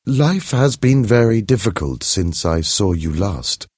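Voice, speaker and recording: A man's voice: on the low side, very animated, unhurried, darkish tone, husky, no room sound, clean studio sound, voice pushed up, exaggerated voice. A man reading a story aloud, voicing a poor, worn-down woman in a slightly raised, earnest voice.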